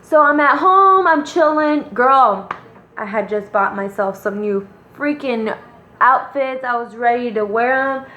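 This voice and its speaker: A young woman casually telling a story to her viewers, animated and slangy, calling them "girl". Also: a little high, a little slow, dull audio, a little hiss or hum. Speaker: vlogger. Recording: roomy echo.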